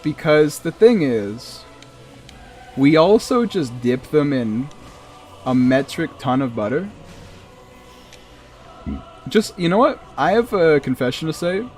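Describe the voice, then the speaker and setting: Speaking slowly with frequent pauses, a Massachusetts man chats and chuckles his way through a game stream, rambling between asides. His voice runs high with a sing-song, darkish quality, and faint music can be heard behind him.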